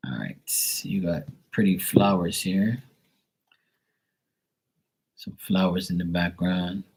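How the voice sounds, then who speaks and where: A man's voice: low voice, level tone, slow pace, background noise. A young man giving live tarot readings, chatting loosely and swearing casually while he reads messages to viewers. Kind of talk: casual livestream chat.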